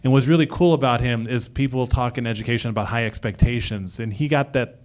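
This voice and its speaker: Man from Detroit area, storyteller, smooth resonant voice. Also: medium pitch, fast. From Detroit area, USA. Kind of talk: personal story told on stage.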